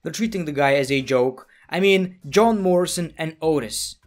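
Excitable man recapping wrestling, higher voice. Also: moderate pace, faint music behind. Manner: excitable, jokey, sarcastic asides. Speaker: wrestling reviewer. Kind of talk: casual show recap. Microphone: voice-over, no camera.

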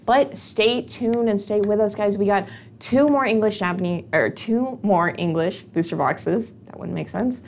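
Woman streamer, unhurried and gravelly, chatty with viewers. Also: mid-range voice, a little mellow, a little hiss or hum. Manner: chatty, talking straight to viewers. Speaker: stream host opening card packs. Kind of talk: live stream commentary.

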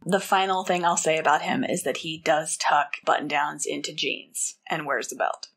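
A woman co-hosting a podcast in casual chat, telling a story with wry, animated asides. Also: sits low, normal speed, breathy edge. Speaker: podcast co-host.

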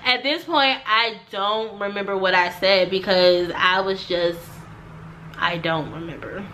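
A young woman telling a storytime vlog, animated and acting out the people she quotes. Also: mid-range voice, a little slow, highs cut off, a little hiss or hum. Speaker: vlogger.

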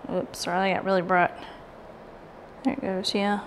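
A woman's voice: medium pitch, flat delivery, moderate pace, a little hiss or hum. Chatty Southern woman crafting. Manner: rambling, chatty and self-deprecating. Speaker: craft channel host. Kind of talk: casual craft tutorial chat.

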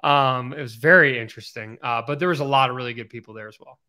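A man's voice: mid-range voice, quick pace, bright, forceful tone. A man co-hosting a podcast, talking casually and telling long rambling stories. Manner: rambling, chatty storyteller. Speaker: podcast co-host.

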